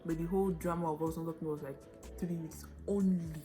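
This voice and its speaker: A young Nigerian woman telling a story on her vlog, animated and dramatic, with quick shifts of pace. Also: sits low, faint music behind. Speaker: vlogger.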